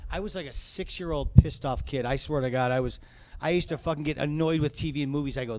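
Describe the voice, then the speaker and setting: A man performing a profane stand-up comedy set in a comedy club, swinging between loud rants and quiet asides. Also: a little high, quick pace, vocal fry.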